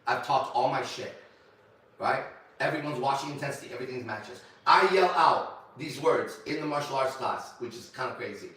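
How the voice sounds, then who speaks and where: A man telling a story to a small group in a profane, animated way, with sudden shouts. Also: medium pitch, moderate pace, recorded from a distance. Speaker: ministry leader. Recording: echoey room, voice off-mic.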